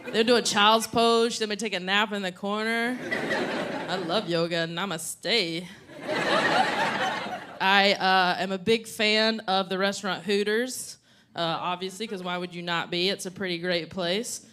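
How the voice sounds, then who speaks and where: A woman with a Southern US accent doing a stand-up comedy set, telling stories with loud acted-out outbursts into a handheld mic on a stage. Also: mid-range voice, steady tone, a little slow, noisy background. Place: comedy stage before a live audience.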